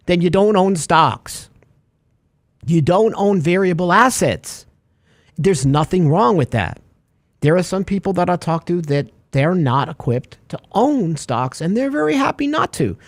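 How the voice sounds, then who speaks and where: A man co-hosting a financial talk show, talking in a jokey, animated way and leaning on extended sea metaphors, tired from little sleep. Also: sits high, no echo. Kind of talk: casual radio finance chat.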